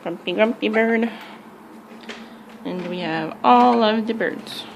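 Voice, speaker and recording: A woman's voice: mid-range voice, takes it slowly, gravelly, slight background noise, low-quality recording. A woman at home talking to her pet parrots and narrating, often cooing in baby talk to them. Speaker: pet vlogger.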